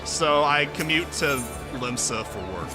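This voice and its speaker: A man streaming a game, excitable and profane, reacting loudly and reading dialogue aloud. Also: on the high side, a little slow, loud music behind the voice. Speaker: VTuber streamer. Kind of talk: casual gaming stream.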